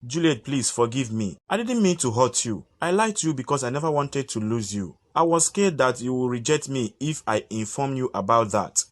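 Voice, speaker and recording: A man's voice: mid-range voice, expressive, normal speed, hardly any pauses, natural voice. A man voicing a deceitful young lover in a cartoon, begging forgiveness. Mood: pleading. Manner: pleading, begging. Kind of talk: cartoon voice acting.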